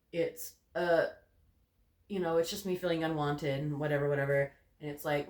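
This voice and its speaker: A man's voice: on the high side, little pitch movement, fast talker, darkish tone. Rambling young man, roomy bedroom echo. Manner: rambling, frequent "like" and "you know" fillers, candid. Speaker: vlogger. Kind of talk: casual personal ramble to camera. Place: bedroom corner.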